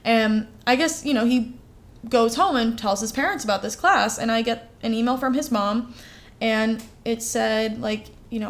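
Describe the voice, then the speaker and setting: A woman co-hosts a relaxed podcast chat, her voice sitting a little on the high side. She tells her stories in an animated way, stacking up "like" and "uh" as she goes. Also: normal speed. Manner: animated storytelling with many fillers. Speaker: podcast co-host.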